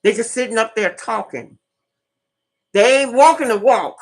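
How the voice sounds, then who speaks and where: A fiery middle-aged woman, delivering a fiery monologue on her own channel. She preaches and curses, driving each point home by repeating it. Her voice sits a little high. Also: expressive, moderate pace. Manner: fiery, preachy, profane, repeats herself for emphasis. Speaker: channel host. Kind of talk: impassioned monologue.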